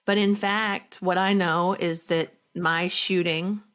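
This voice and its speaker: A middle-aged woman speaks as a guest in a heartfelt interview. Her voice sits low and her pace is unhurried. She restarts phrases often as she gathers her thoughts. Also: steady tone, fairly bright tone. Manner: halting, reflective, many restarts. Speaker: podcast guest, actress. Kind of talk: emotional interview conversation.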